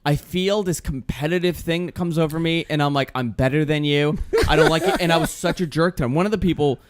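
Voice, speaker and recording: A man's voice: fairly high pitch, quick pace. A young adult man hosting a casual chat show, telling stories animatedly and acting out the dialogue. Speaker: host.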